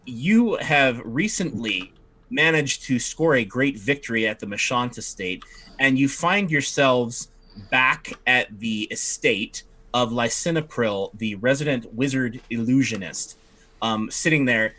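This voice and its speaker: A man's voice: mid-range voice, sharp tone. A man narrating as game master, rambling with many fillers and restarts.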